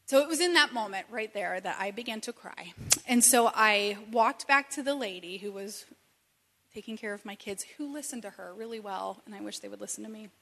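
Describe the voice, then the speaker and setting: A woman in her thirties telling a personal story in an animated, conversational way, with many asides. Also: medium pitch, fairly quick, a little hiss or hum. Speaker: speaker sharing a personal testimony. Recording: long reverb from a hall.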